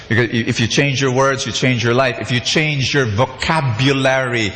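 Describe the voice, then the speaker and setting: A man's voice: medium pitch, moderate pace, hardly any pauses. A man preaching a sermon, leading call-and-response and acting out the characters in a story. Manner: animated storytelling, acts out characters. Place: large church hall. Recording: echoey hall, faint ambience.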